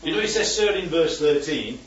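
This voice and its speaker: Animated man leading a Bible study. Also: fairly high pitch, fairly quick. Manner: keeps checking in with "right?" and "yeah?"; asks the group questions. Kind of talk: teaching a group discussion. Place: room with a small group. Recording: roomy, distant, dull-sounding recording.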